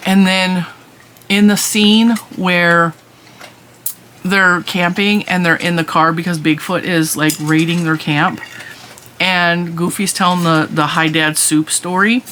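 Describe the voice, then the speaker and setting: Bright-voiced woman telling a lively story. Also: on the low side, slow pace, a little hiss or hum. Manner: animated storytelling, laughs often. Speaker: crochet channel host. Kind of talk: casual chat.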